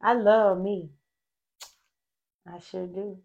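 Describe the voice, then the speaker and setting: A woman's voice: mid-range voice, steady tone, extremely slow, gravelly. A woman with a Southern country accent co-hosting a faith podcast, folksy and affirming. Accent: Southern American, country. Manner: folksy, affirming, backs up her partner. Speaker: podcast co-host. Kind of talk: casual faith chat. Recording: dull lo-fi sound.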